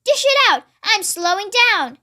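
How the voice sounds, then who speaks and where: A reader voicing a bossy, wild old grandmother who shouts and demands more, in a screechy voice. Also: extremely high pitch, very animated, measured pace, pitched above the performer's own voice, full character voice. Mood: gleeful, demanding.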